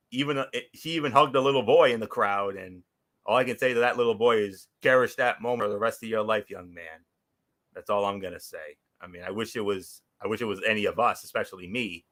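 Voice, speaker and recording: Young male recap host, lowish bright voice, excitable, stumbles and repeats words. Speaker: wrestling show recap host. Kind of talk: casual show recap.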